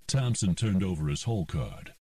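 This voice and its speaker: Deep male audiobook narrator, slow and expressive, dry slightly distant recording. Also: no room sound. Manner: steady, unhurried storytelling. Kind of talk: scripted narration.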